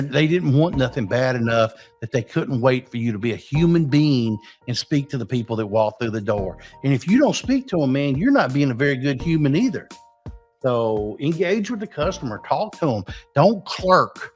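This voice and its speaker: A man, a business coach giving blunt, profane advice in a rambling, casual talk. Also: medium pitch.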